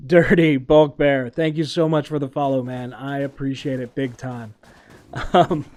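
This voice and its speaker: A man's voice: medium pitch, little pitch movement, moderate pace, a little mellow. A man streaming a game live, chatting casually and laughing often at what happens on screen. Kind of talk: casual live gameplay commentary.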